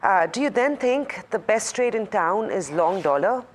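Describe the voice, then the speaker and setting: A woman anchoring a live business news show, putting brisk, structured questions to a guest. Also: medium pitch, animated.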